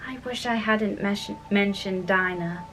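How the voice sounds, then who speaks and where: A woman's voice: sits high, sing-song, unhurried, a bit bright, slight background noise, heavily acted. A woman reading aloud and voicing Alice, an earnest young girl who talks in eager bursts, recorded from a distance with faint music behind. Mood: melancholy.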